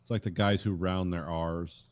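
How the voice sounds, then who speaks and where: A man co-hosting a podcast in casual chat, relaxed and wryly amused. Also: deep voice, moderate pace, lo-fi sound. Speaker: podcast co-host.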